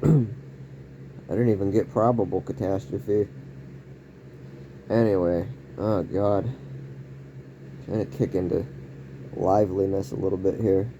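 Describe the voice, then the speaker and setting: A man rambling through a casual home vlog indoors, using odd word choices and breaking into sudden yelled outbursts. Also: sits low, steady tone, a little slow, long pauses, highs cut off, background noise. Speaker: vlogger.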